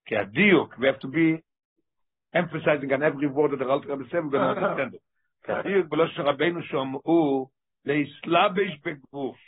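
A man teaching a text study lesson. He reads passages aloud quickly and then explains them more slowly. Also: a little high, breathy edge. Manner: reads Hebrew quickly, then explains slowly in English with Yiddish-inflected terms. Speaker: Torah teacher. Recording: tinny phone-line audio.

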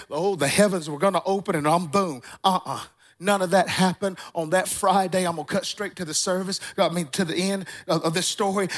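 A man's voice: high-pitched, a bit bright. A man in his forties preaching a sermon, telling a personal story and quizzing the congregation as he goes. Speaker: pastor.

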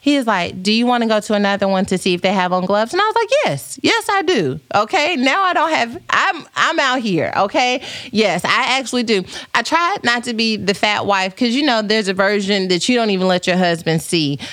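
A woman podcast host tells a story with big, playful drama, swinging into excited highs as she reads comments from viewers. Her voice sits at a middle pitch and is recorded close and dry, with no room sound around it. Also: a little fast, few pauses, dry recording. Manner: animated, playful, dramatic retelling. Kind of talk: casual storytelling chat.

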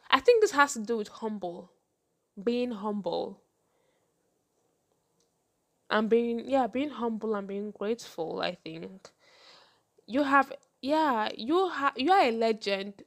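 Fast-talking young woman host. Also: fairly high pitch. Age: young adult. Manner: fast-talking, animated, laughs often. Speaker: podcast host. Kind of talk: casual advice chat.

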